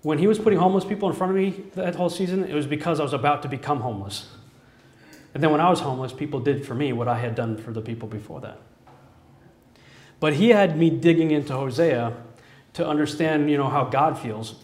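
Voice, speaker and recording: A man's voice: fairly high pitch, quick pace, darkish tone. A man giving an earnest personal testimony as a sermon, telling his story with frequent chuckles. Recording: echoey room.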